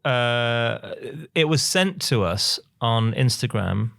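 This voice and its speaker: A man's voice: medium pitch, expressive, slow, creaky, fairly bright tone, dry recording. Chatty London man, dry close sound. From England. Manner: rambling anecdotes with restarts. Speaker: podcast co-host. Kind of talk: casual chat.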